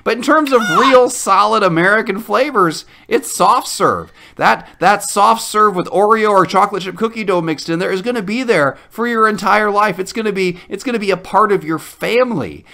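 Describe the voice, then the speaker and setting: A man co-hosting a playful mock debate, animated and laughing often with mock outrage. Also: high voice, moderate pace, gravelly, hardly any pauses. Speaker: debate show co-host.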